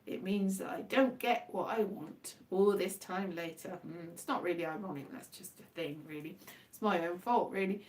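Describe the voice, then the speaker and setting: A tired woman from Wales with a softened Welsh accent, hosting a stream and rambling in a casual, self-deprecating way that trails off. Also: lowish voice, moderate pace. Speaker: livestream host. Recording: distant from the mic.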